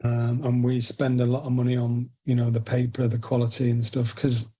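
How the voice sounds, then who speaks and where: A man's voice: medium pitch, completely flat delivery, moderate pace, warm tone, slightly rough. A middle-aged man with a Northern English accent, telling self-mocking stories as a podcast guest. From Northern England. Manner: chatty, self-mocking anecdotes. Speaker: guest, indie publisher. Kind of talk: casual storytelling interview.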